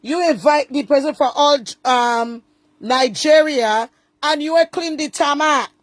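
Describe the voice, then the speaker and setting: A woman's voice: high voice, a little slow, dry recording. A woman giving casual, indignant commentary from home and repeating her points for emphasis. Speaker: online commentator.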